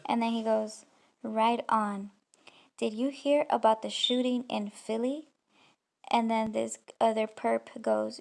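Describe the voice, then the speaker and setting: A woman's voice: on the high side, steady tone, slow, creaky, long pauses. A woman commenting on clips in a reaction video, talking in an accusatory, rambling and scornful way. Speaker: YouTube commentator.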